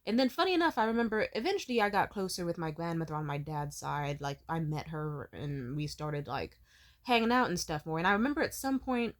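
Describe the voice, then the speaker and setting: A young woman in her twenties vents in a rambling, profane rant. Her pitch swings widely as she talks, and her voice jumps between sharp emphasis and quiet asides. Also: lively intonation, fairly quick. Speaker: vlogger. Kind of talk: ranting personal vent.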